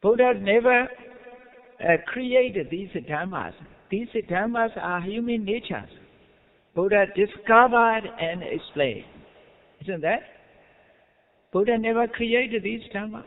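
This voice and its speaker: A Buddhist monk with a Burmese accent gives a lecture in plain, broken English, often asking his listeners whether they follow. His voice sits high and sounds smooth and resonant. The recording is narrow and tinny, like a phone line. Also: slow, long pauses. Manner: simple non-native English, frequent rhetorical checks and soft chuckles. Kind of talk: dharma lecture.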